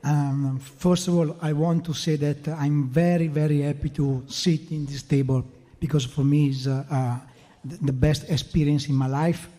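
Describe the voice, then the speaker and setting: A man with an Italian accent, a promotion executive speaking halting, emotional English. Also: on the high side, steady tone, mellow, in a large hall.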